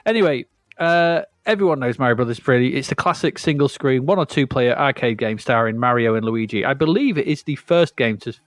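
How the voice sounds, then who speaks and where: A man's voice: mid-range voice, lively intonation, a little fast, no echo. Chatty man, dry close sound. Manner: rambling, self-correcting, chatty. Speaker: podcast co-host. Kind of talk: casual retro gaming chat.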